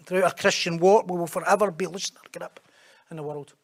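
A man preaching a sermon in an animated, conversational way, breaking into sudden loud, high bursts. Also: quick pace.

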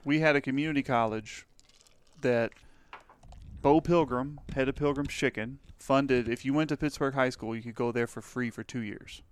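A young man from Texas with a faded Texan accent, telling stories in casual podcast chat. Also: moderate pace. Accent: Texan, mostly faded. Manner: storytelling with lively pitch. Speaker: podcast co-host.

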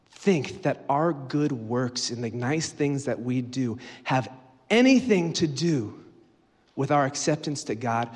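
A man giving a sermon as a guest preacher, telling stories and acting out the dialogue with rising energy. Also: medium pitch. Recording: long hall reverb.

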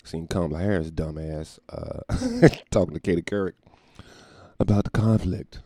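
A man's voice: low-pitched, moderate pace, warm tone, dry recording, studio quality. A man delivering a casual comedic rant, profane and rambling, often laughing and slipping into mock voices. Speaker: comedic commentator.

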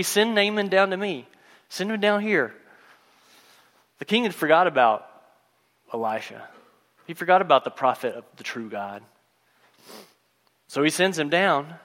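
A man delivers a sermon in a storytelling manner, slipping into the voices of the people in the story. His voice sits a little high for a man. The sound carries a long reverb, as in a church hall. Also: fairly bright tone. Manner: storytelling, acts out voices of the characters. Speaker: preacher.

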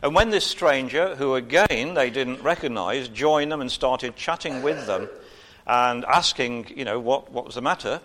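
Male preacher, chatty informal sermon, light humor, unhurried pauses. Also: mid-range voice. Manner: conversational, pauses with uh, gentle humor.

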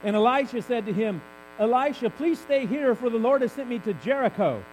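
A man's voice: very high-pitched, animated, brisk, a little mellow, a little hiss or hum, low-quality recording. A man preaching a sermon in a candid, conversational way, building to emphatic peaks.

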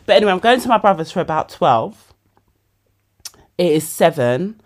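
A woman's voice: fairly low pitch, animated, moderate pace, long pauses. A young woman hosting her own podcast, chatting casually and openly, laughing often and calling her listeners babe. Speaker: podcast host. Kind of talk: casual solo podcast chat.

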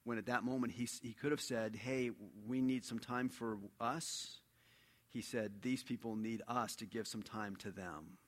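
A man preaching a sermon in an animated storytelling way, dropping to a hush and then rising loud. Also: medium pitch, a little slow. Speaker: pastor.

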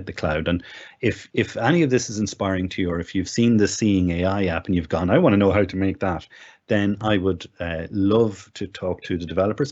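A fairly low, husky male voice, easygoing and a little self-mocking as he explains each step of a demo. The sound is dull and lo-fi, like a remote call recording. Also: darkish tone. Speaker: guest demonstrating software. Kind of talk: casual spoken tech demo.

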